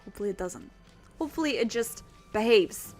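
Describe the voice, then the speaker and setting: A woman streaming a video game, chatting casually, excitable and cursing when things go wrong. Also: a little high, a little fast. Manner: excitable, swears when frustrated. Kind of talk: casual live-stream commentary. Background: game music.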